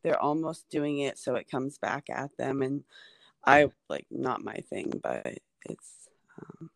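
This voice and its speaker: A woman's voice: very deep voice, expressive, takes it slowly, creaky, dry recording. A woman comedian talking in a casual podcast chat, rambling with many fillers like "like" and "um". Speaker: stand-up comedian, guest.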